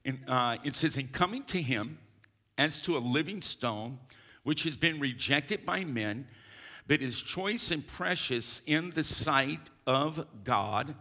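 A man's voice: mid-range voice, lively intonation, slow pace, bright, forceful tone. A middle-aged man, a pastor preaching a sermon, emphatic and calling for responses from the congregation. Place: church sanctuary. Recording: long reverb of a large hall.

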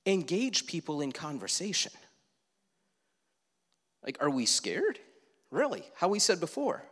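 A man's voice: a little high, sing-song, unhurried, a bit bright, big-room sound. Conversational male pastor preaching in a church. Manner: conversational preaching with rhetorical questions and asides. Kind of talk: sermon. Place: church sanctuary.

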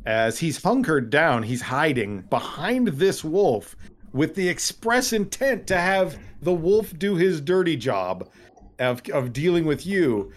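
A man running a tabletop game with a lively, swooping voice. He narrates with animated, vivid storytelling. His pitch leaps up at the dramatic moments. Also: slow. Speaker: game master.

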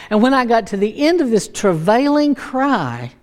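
A middle-aged woman giving a sermon as a personal story, animated and laughing often, acting out voices. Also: on the high side, normal speed. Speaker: preacher.

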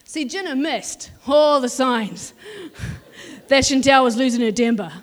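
A fairly high-voiced woman who preaches in a lively, conversational storytelling manner. Her voice carries a long reverb from a large hall. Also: moderate pace. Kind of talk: sermon with storytelling.

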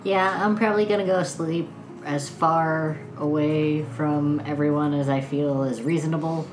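A woman's voice: low-pitched, steady tone, a little slow. A woman playing in a tabletop game, making dry, wry remarks. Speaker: player. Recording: roomy sound with clear music.

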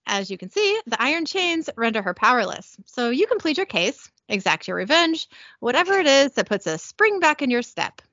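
A woman voicing a scheming male demon king of hell in a smooth, mocking, theatrical way. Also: high voice, big pitch swings, moderate pace, bright, forceful tone, no echo, lo-fi sound, heavily acted.

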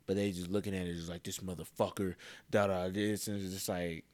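A man talking frankly and profanely in casual chat, animated as he vents. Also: low-pitched, a little fast, no echo.

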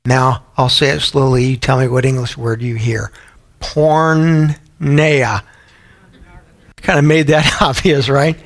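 A man's voice: medium pitch, fairly even intonation, normal speed, hardly any pauses. A man teaching a Bible study in a sermon style, often putting questions to his listeners. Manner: asks the audience questions often.

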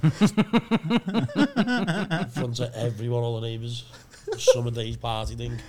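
A man's voice: mid-range voice, monotone, measured pace, a crowd in the background. A man who is a comedian and a podcast guest, telling jokey stories in casual banter. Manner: chatty, jokey storyteller.

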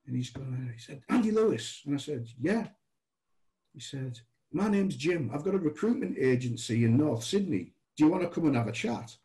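Mellow British man telling stories. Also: medium pitch, moderate pace, low-quality recording. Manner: chatty, restarts, animated quoted dialogue. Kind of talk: casual anecdotal storytelling.

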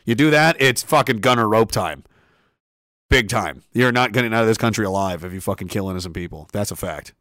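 Excitable, swearing man ranting on stream. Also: lowish voice, a little fast, no echo, clean studio sound. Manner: excitable, profane, laughs often, restarts sentences. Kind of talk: casual livestream rant.

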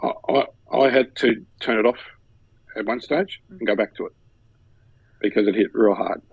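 A man's voice: on the low side, normal speed, gravelly, husky, no echo, phone-quality sound. An Australian man co-hosting a podcast, telling a personal story in casual chat and acting out what others said. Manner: animated storyteller, acts out others' lines. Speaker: podcast co-host.

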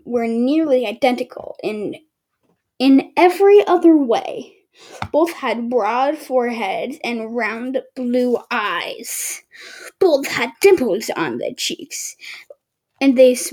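A woman's voice: fairly high pitch, darkish tone. A woman hosting a casual home podcast, reading a book aloud with stumbles and sarcastic asides. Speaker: podcast host.

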